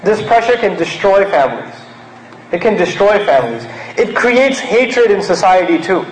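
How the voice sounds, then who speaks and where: A man's voice: high-pitched, very animated, moderate pace, roomy sound, a little hiss or hum, low-quality recording. A man originally from Pakistan giving a sermon in a conversational way, acting out little scenes to make his point. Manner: conversational, acts out mocking bits. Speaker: preacher.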